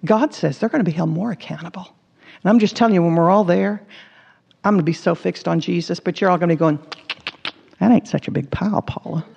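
Gravelly woman preaching in a hall. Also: fairly low pitch, fast, a little mellow. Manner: earnest, emphatic, repeats words for stress. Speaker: Bible teacher. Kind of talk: sermon. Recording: dull recording with long hall reverb.

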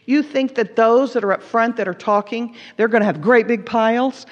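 A woman's voice: on the high side, normal speed. A woman teaching a sermon, earnest and emphatic, repeating words for stress. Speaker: Bible teacher. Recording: dull recording with long hall reverb.

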